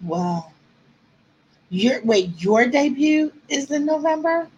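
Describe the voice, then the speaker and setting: A woman's voice: sits high, animated, slow pace, a little mellow, dull audio. A woman author chatting with her viewers on a livestream, answering comments and close to tears at times. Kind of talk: casual livestream chat.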